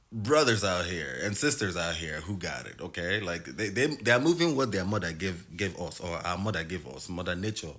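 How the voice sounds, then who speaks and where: A man with a Nigerian American accent, talking casually to camera in an expressive, slangy way, often stretching words for emphasis. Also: deep voice. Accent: Nigerian American, switching between Nigerian and American. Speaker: vlogger.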